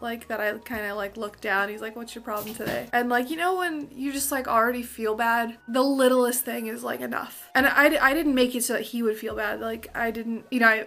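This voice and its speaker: A young woman vlogger venting in casual chat, full of "like", and quoting others in lively voices. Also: fairly high pitch. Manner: venting, frustrated, peppered with "like".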